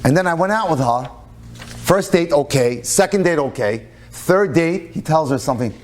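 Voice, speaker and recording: A rabbi and lecturer with a highish voice, speaking at normal speed, tells a story during a presentation. He's an animated storyteller who acts out the people involved, mixing Hebrew and Yiddish religious terms into his talk.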